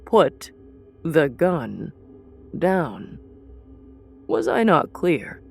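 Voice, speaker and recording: Commanding sorcerer man, woman voicing, calm menace, low gravelly voice, unhurried. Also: faint music behind, full character voice. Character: cold commanding male sorcerer.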